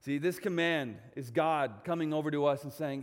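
Male pastor, emphatic storytelling sermon, slightly high voice, reverberant church hall. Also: normal speed. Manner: storytelling, emphatic with repeated phrases.

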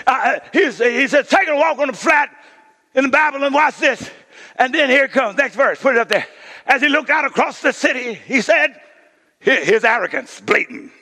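High-voiced pastor preaching in a hall. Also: male voice, lively intonation, moderate pace. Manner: emphatic preaching, drops to near-whisper and rises to shouts. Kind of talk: sermon. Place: church sanctuary. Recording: long hall reverb.

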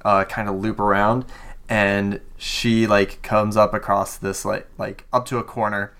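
A man's voice: on the low side, level tone, a little slow, fairly bright tone. Casual man running a tabletop game. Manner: casual, hesitant with many fillers. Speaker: game master.

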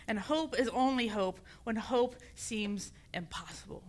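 A woman's voice: a little high, measured pace, few pauses, a little mellow. A woman preaching an impassioned sermon, building to fervent outrage. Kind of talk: passionate sermon.

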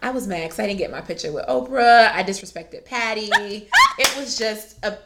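A woman podcast co-host telling a story in casual chat, animated and laughing as she acts out what people said. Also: mid-range voice, normal speed, heavy background noise.

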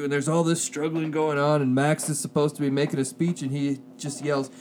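A man co-hosting a podcast, casually retelling a movie plot with lots of acted-out quotes and laughter. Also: a little high. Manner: animated storyteller, acts out quotes in quick put-on voices, laughs often. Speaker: podcast co-host.

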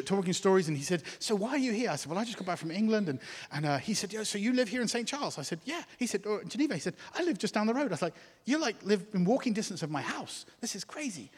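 Male pastor, higher voice, storytelling sermon that acts out conversations, recorded with a long hall reverb. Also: rapid-fire. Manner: animated storyteller acting out dialogue, many restarts.

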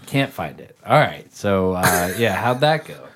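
Low-voiced guy, unhurried, mumbly casual banter. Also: big pitch swings. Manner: mumbling, trailing off, laughing at himself. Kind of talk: casual chat.

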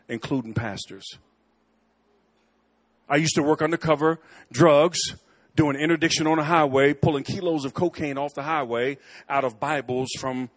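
A middle-aged man preaching a sermon in church, telling stories with lively swings between bold, loud lines and quiet asides. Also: a little high. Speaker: guest preacher. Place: church sanctuary.

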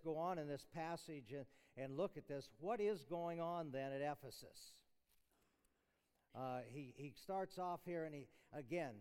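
A man's voice: fairly high pitch, darkish tone. A middle-aged man giving a chapel sermon, explaining scripture in an earnest, teaching way with restarts and small chuckles. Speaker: chapel speaker. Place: university chapel hall. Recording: reverberant hall.

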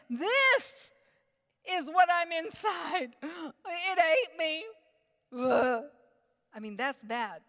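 High-voiced middle-aged woman preaching. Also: big-room sound. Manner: animated, dramatic storytelling. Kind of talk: sermon.

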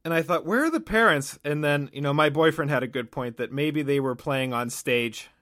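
A mid-range, slightly bright male voice moves at normal speed with little pitch variation. The speaker, a podcast host, delivers a rambling, sardonic comic monologue by himself and often cuts himself off.

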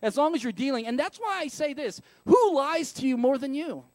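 A high-voiced pastor preaches in a candid, conversational, self-deprecating way, leaning heavily on rhetorical questions. His intonation is lively and his pace fairly quick, and the sound is dry and close with no echo.

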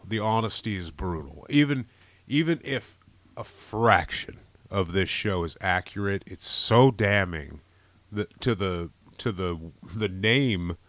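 A man co-hosting a casual podcast, high on cannabis, swearing a lot and getting loud and shrill when outraged. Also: no room sound. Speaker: podcast co-host.

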